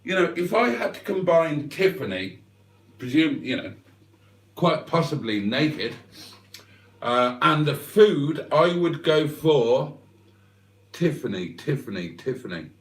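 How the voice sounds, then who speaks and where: Slow, lively-pitched man. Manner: deadpan, digressive, mock-serious. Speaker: livestream host. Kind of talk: rambling comic monologue. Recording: echoey room, mic at a distance.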